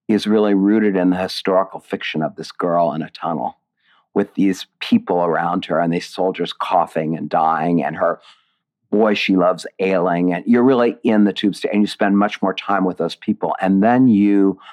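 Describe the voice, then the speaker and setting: A man being interviewed about his writing, talking expressively and digressively with many restarts. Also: sits low. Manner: expressive, digressive, emotional at times. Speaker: author and lyricist. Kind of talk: interview conversation.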